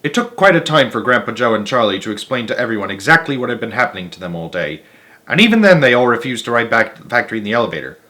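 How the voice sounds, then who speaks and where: A young adult man narrating a children's book read-aloud in a steady, expressive way. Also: mid-range voice, rapid-fire. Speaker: storyteller.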